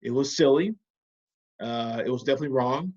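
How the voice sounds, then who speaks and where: A man teaching a video lesson to children, patiently walking them through calming techniques with guiding questions. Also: medium pitch, a little fast, highs cut off.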